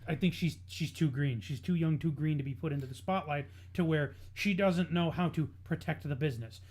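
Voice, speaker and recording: A man's voice: on the high side, darkish tone. A man on a wrestling podcast, ranting in casual, profane chat.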